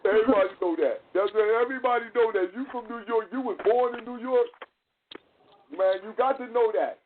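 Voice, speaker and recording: Very high-pitched and fairly quick, this podcast host spins casual, profane stories and voices other people's lines along the way. His audio sounds tinny, like a phone line, with faint hiss underneath.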